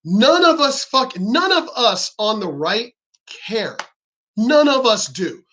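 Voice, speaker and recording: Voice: mid-range voice, very animated, takes it slowly, sharp tone. A vlogger ranting angrily about politics, swearing often and mocking opponents. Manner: profane, heated, sarcastic, mocks opponents in quoted voices. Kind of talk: angry ranting commentary.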